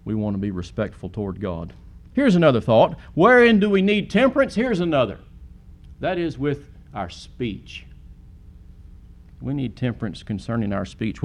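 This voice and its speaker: A man preaching a sermon in an earnest way, with sudden emphatic peaks. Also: on the high side.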